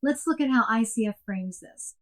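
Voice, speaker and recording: A woman giving a scripted coaching lesson in a clear, measured and emphatic way. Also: on the high side, lively intonation. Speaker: coaching instructor. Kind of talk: scripted instructional narration.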